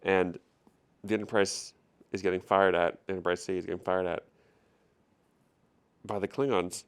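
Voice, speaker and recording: Gravelly, lowish male storyteller, flippant and slangy, laughs through his own retelling. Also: flat delivery, moderate pace. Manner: flippant, laughing, slangy, voices characters loosely. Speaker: storyteller recapping an episode. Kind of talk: casual comic retelling.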